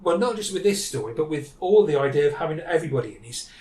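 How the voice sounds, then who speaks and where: A man's voice: on the high side, lively intonation, fast, a little mellow, slight background noise. A man co-hosting a podcast, chatting enthusiastically about comics and acting out characters' lines. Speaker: podcast co-host. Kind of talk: casual chat about comics. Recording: echoey room.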